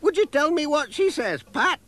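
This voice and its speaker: A man's voice: very high-pitched, sing-song, normal speed, fairly bright tone, voice pushed up, exaggerated voice. A man voicing a chatty, kindly elderly village woman, a little hard of hearing, in a children's cartoon. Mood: grateful. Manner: homely, fussing, a bit hard of hearing. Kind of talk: children's animation voice acting.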